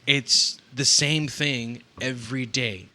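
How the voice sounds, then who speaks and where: Male podcast co-host, bright tone, rambling and profane, crude humor. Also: medium pitch, steady tone, takes it slowly. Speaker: nursing home worker. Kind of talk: casual podcast chat.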